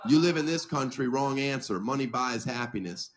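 A man doing a stand-up comedy set, delivering dark jokes in a dry, deadpan way with rhetorical questions. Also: mid-range voice, moderate pace, noisy background.

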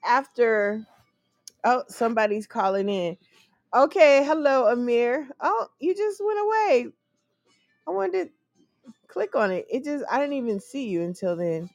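A chatty woman co-hosting a casual talk show, laughing easily. Her voice is a touch high and sounds close and dry with no room around it. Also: animated, unhurried, no echo, soft background music. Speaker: co-host.

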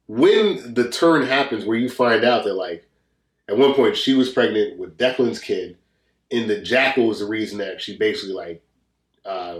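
A man co-hosting a casual film review chat, rambling loosely with lots of fillers and frequent laughs. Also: on the low side. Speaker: podcast co-host. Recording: echoey room.

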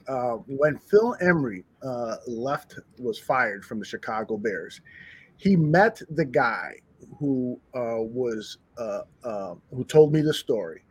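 A man co-hosting a casual sports talk show, telling stories in an animated way with many restarts. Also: mid-range voice, husky, no echo. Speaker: podcast co-host. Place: studio bar room.

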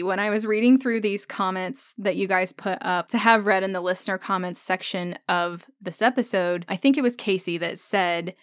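A woman's voice: mid-range voice, no echo. Woman podcast host, conversational and musing, resonant tone in a dry booth sound. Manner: thoughtful, conversational, thinking aloud with fillers. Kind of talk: solo podcast episode discussion.

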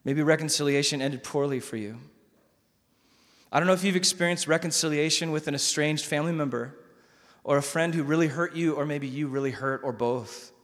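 A male pastor preaching a sermon in a conversational, animated way, often repeating words. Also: on the high side, brisk. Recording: long hall reverb.

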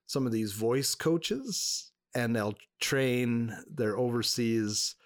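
A male podcast co-host in relaxed chat, laughing often and slipping into quoted voices. His voice sits at a middle pitch. The recording is dry and close. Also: slow pace, dry recording. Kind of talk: casual chat.

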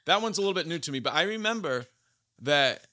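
A man on a casual sports podcast, mocking rival fans with heavy sarcasm. His voice is a touch high and sharply bright, with an animated, fan's energy. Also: quick pace. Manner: sarcastic, animated, fan arguing back. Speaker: podcast co-host.

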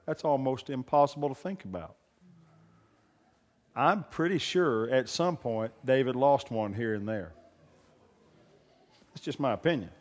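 Man preaching in a reverberant hall. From raised on a farm. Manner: builds from low conversational talk to loud preaching. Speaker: pastor. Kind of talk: sermon. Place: church hall. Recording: long reverb of a church hall.

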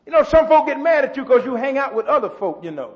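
A pastor preaching a sermon. He builds to shouts, repeats words and calls out to the congregation. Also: very high-pitched, big pitch swings, fast. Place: church. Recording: muffled church hall with long echo.

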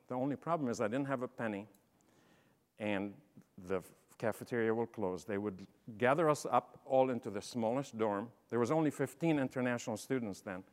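Middle-aged man, animated, humorous keynote speaker; long reverb of a large hall. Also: mid-range voice, normal speed. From Lebanon. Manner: animated, humorous, acts out dialogue. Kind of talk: storytelling talk to an audience.

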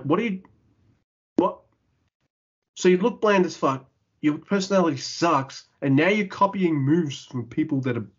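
A man's voice: a little high, slightly rough, dull audio. A man co-hosting a podcast, ranting in casual wrestling chat, exasperated and swearing a lot. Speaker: podcast co-host.

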